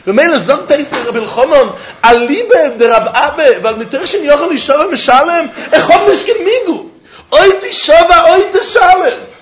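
A man leads a Talmud lesson, his voice pitched unusually high. He argues in a lively, sing-song study cadence and often laughs through his points. A faint hiss of noise sits under the recording. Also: fairly quick, few pauses. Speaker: Talmud teacher.

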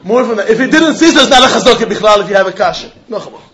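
A man teaching a Talmud class, arguing through the text in an animated way and throwing pointed questions at his students. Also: sits high, very fast. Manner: animated, argumentative, mixing Yiddish and Hebrew terms into English.

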